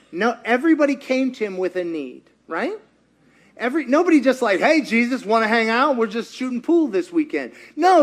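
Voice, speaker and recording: A middle-aged male pastor giving a lively sermon, retelling stories with acted quotes and questions to the audience. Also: extremely high pitch. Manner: animated storyteller, acts out quotes, asks the audience.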